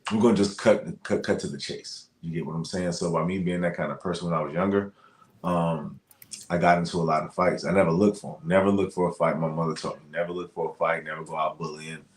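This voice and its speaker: A man from Louisiana, a guest boxer, chatting in an interview, talking fast with lots of fillers as he tells stories. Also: sits low, fairly even intonation. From Louisiana, USA. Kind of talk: casual interview chat. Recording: echoey room.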